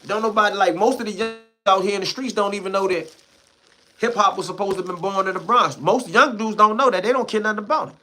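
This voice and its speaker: Talking fast in a high, bright, forceful voice, a Washington, D.C. man with a D.C. accent rants back at his livestream chat. His street talk is blunt, heated and profane, and there's slight background noise.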